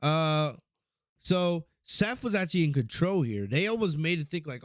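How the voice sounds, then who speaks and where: A man hosting a casual review podcast, talking in an excitable, profane, rambling way with frequent restarts. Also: a little high, moderate pace, no echo, studio quality. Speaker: podcast host.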